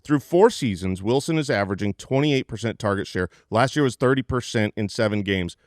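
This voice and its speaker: A man co-hosting a fantasy football podcast, rattling off stats with energy, jumping high in pitch when excited and laughing often. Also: a little fast, no echo, studio quality. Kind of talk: energetic stat-heavy sports podcast talk. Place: studio, live show.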